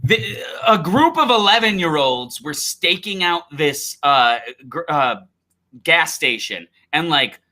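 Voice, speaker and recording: A man's voice: fairly high pitch, sing-song, slow. A man co-hosting a podcast, chatting casually and laughing often. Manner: laughs often, reacts loudly. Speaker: podcast co-host. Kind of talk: casual chat.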